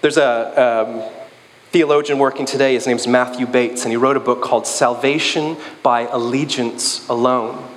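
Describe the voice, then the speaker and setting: A man preaching a sermon in a conversational, joking, animated way. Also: mid-range voice, normal speed, big-room sound.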